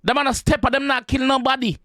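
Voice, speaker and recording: A man putting on a squeaky, mocking voice with a Jamaican accent to taunt would-be gangsters. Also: fairly even intonation, fast talker, over loud music.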